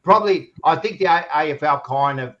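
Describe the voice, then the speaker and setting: A man's voice: on the high side, fairly quick, fairly bright tone, muffled recording. An Australian man hosting a casual sports podcast, rambling and blunt, often restarting his sentences. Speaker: podcast host.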